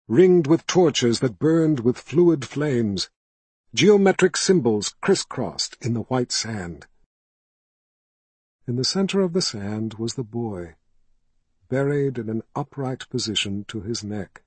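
A man narrating a fantasy audiobook in a measured, even storytelling manner. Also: medium pitch, husky, dry recording.

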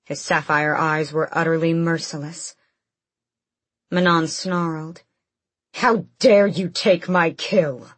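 Slow, husky woman narrating an audiobook. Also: on the low side, a bit bright, no echo.

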